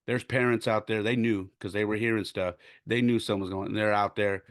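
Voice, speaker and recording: A man's voice: fairly low pitch, fairly even intonation, a little fast, dry recording, studio quality. A man hosting a podcast, venting a personal story in a profane, emphatic way. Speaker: podcast host and youth baseball coach.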